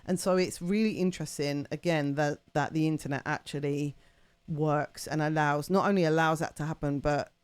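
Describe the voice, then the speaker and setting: A woman's voice: deep voice, steady tone, moderate pace, clear, resonant tone, no room sound. Woman streamer rambling to chat, dry close mic, lots of "like" and laughs. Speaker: livestream host. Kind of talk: casual chat with live chat.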